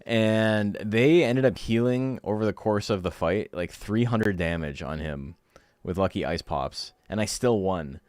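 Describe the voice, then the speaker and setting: Ranting low-voiced male streamer. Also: a little slow, darkish tone, no echo, clean studio sound. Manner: ranting, sarcastic, laughs often, swears. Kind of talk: casual stream chat.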